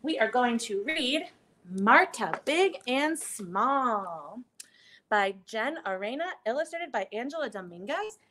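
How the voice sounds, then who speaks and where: Woman, high voice, lively up-and-down delivery, unhurried, storytime host, playful with kids. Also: slight background noise. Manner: animated, sing-song, playful with children. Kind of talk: children's storytime with songs.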